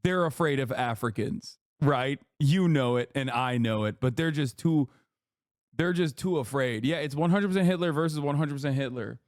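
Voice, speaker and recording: A man's voice: mid-range voice, normal speed, no room sound, clean studio sound. A man giving heated, scornful reaction commentary on a video, swearing often.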